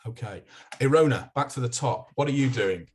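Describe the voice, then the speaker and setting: A man narrating as game master of a tabletop game, halting and restarting as he describes the scene. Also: medium pitch, animated, darkish tone, slight background noise. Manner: halting, with many restarts and fillers while describing.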